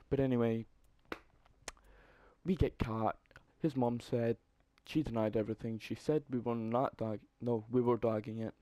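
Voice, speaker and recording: A young man telling a story in a casual, profane, animated way, with exasperated asides. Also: mid-range voice, a little slow, dry recording. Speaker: vlogger.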